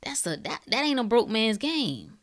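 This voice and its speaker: Blunt, animated woman preaching sarcastically. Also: fairly high pitch, moderate pace. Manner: rhetorical questions, slangy. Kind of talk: casual monologue to camera.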